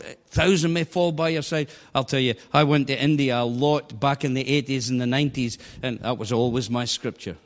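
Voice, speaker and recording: A man preaching a sermon, animated and storytelling, sometimes bursting into a shout. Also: on the high side. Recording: long hall reverb.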